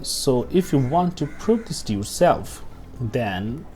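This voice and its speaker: Soft music plays behind a man teaching English pronunciation in a slow, unhurried way. His medium-pitched voice has a darkish tone and swings widely in pitch as he repeats example words twice, frequently tags "okay?", and breaks off occasionally to cough.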